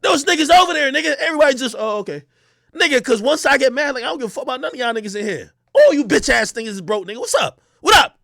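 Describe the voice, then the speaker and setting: A young man from Jamaica ranting on a livestream, loud, profane and boastful. He swings between shouting and muttering. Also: very high voice, expressive, very fast, creaky, dry recording, clean studio sound. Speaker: livestream host.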